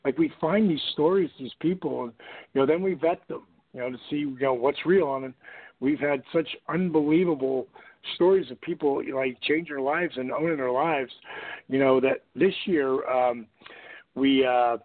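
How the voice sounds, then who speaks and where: A middle-aged radio host chats in a casual, motivational style at a moderate pace, his mid-range voice full of fillers. He's an animated storyteller who acts out quotes, heard over a tinny phone line.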